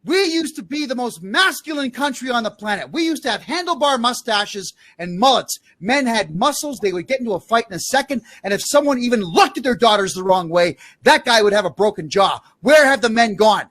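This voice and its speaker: A man hosting a talk show, angrily shouting and ranting at his audience. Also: sits high, lively intonation, moderate pace. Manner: loud, angry, shouting at the audience. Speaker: host. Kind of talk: fiery talk-show rant.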